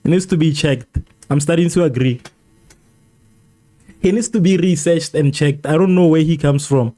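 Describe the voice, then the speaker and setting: Excitable South African man, mellow voice. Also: on the high side, moderate pace. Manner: excitable, repeats phrases over and over. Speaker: livestream host. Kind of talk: live football watchalong, reading chat.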